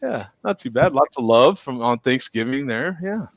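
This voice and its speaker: A man hosting a casual chat show, easygoing and quick to laugh, with lots of fillers. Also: medium pitch, animated, creaky, dry recording. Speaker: show host.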